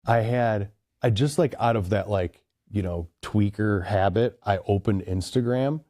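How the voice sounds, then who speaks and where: A man's voice: fairly low pitch, a little slow, dark tone, no echo, clean studio sound. A man from Chicago, a podcast guest, telling a long story in a loose, rambling way, full of "like" and "dude". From Chicago, USA. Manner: rambling, heavy use of "like" and "dude". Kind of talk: casual storytelling.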